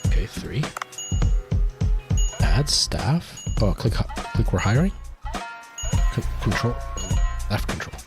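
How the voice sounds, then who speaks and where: A man's voice: lowish voice, very animated, slow, pauses often, over music. A young man streaming a game, chatting casually and rambling as he plays. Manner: chatty, rambling, self-correcting. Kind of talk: casual gameplay commentary.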